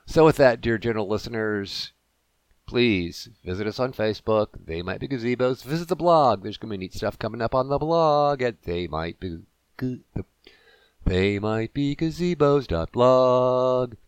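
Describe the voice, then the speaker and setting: A man's voice: mid-range voice, animated, moderate pace, no room sound. A man hosting a casual solo podcast, rambling and joking at his own expense. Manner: rambling, self-deprecating and jokey. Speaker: podcast host.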